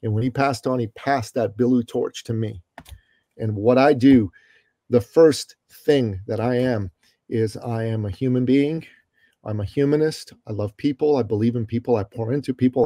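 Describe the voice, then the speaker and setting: A man telling stories as a podcast guest, emphatic and preachy, swinging between loud declarations and quiet reflection. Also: medium pitch, no room sound. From Iran. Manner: emphatic, preachy, rises and falls in loudness. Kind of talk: impassioned interview storytelling.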